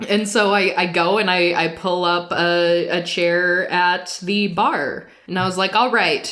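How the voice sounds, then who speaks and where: A woman co-hosting a podcast, telling a self-deprecating anecdote in an animated way and laughing often. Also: on the low side, unhurried. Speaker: podcast co-host.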